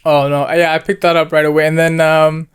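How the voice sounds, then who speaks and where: A man's voice: on the high side, little pitch movement, a little fast, clear, resonant tone. A young man, a co-host in casual chat, retelling movie scenes with laughter and slang.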